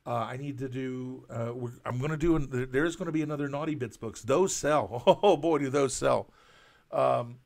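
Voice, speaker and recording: A man of middle pitch talks off the cuff on a live drawing stream. He stammers and restarts his sentences again and again, and his tone is earnest and apologetic. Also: vocal fry, darkish tone. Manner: halting, stammering, many restarts. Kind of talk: casual live-stream monologue.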